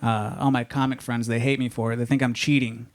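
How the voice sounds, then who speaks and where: A man's voice: medium pitch, level tone, a little fast. A man doing a stand-up set on a comedy club stage, rambling and conversational, asking the crowd if they know what he means.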